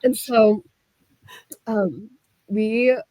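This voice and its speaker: A young woman from the US Midwest telling her story as a guest, animated and full of "like" fillers. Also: medium pitch, very slow, no echo, poor audio. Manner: animated, frequent "like" fillers, laughs while telling. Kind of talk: casual storytelling.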